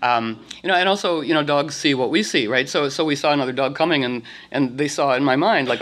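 A man's voice: fairly high pitch, a little fast. A man telling rambling stories to a group, acting out quotes and restarting often. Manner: animated, acts out quotes, many restarts. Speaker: speaker addressing a group. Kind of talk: rambling storytelling talk.

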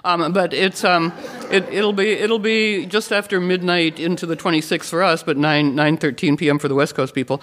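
A man's voice: moderate pace, few pauses, a little hiss or hum. A man giving an astrology talk to an audience, rambling with many restarts and fillers, his voice jumping up for emphasis. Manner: animated, jumps up in pitch for emphasis.

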